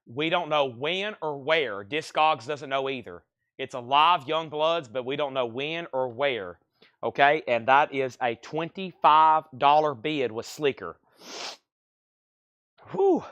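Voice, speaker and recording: A man running a livestream vinyl record auction with a quick, steady patter of grades, prices and bids, coughing now and then from allergies. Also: on the high side, no echo. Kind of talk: fast live-sale patter.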